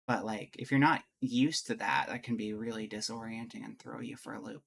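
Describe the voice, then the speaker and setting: A brisk, medium-pitched voice with vocal fry and a slightly rough texture keeps a steady tone. It belongs to a streamer who rambles through candid chat with viewers and a visual novel read-aloud, often starting over.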